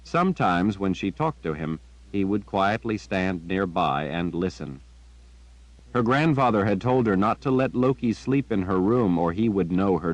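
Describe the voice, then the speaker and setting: A man reading a fantasy novel aloud as a narrator, with measured, unhurried storytelling. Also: sits low, no room sound, lo-fi sound. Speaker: audiobook narrator. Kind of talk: scripted narration.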